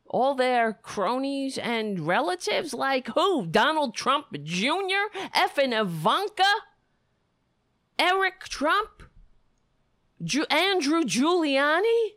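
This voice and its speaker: A woman's voice: high-pitched, very animated, takes it slowly, fairly bright tone, dry recording, clean studio sound. Heated, swearing woman ranting. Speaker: political commentator. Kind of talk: ranting political commentary.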